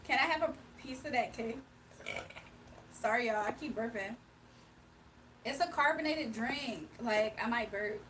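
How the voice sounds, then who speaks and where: Chatty high-voiced woman streamer. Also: a little slow, long pauses, a bit bright, recorded from a distance, slight background noise. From Virginia, USA. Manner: chatty, laughs often, reads chat aloud. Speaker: livestream host. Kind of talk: casual livestream chat reading comments.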